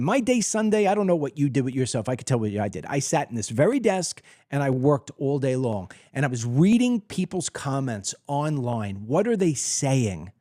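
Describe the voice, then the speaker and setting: A man's voice: fairly high pitch, dark tone, dry recording, studio quality. A man hosting a political commentary show, delivering a heated, emphatic monologue from his desk at home. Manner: emphatic, heated, acts out other people's reactions. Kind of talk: opinionated monologue.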